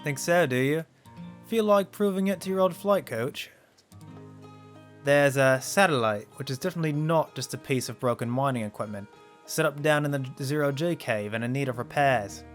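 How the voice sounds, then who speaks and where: A man's voice: medium pitch, moderate pace, faint music behind, natural voice. A man reading the lines of a teasing veteran male flight coach from a space game, in a wry, plain voice.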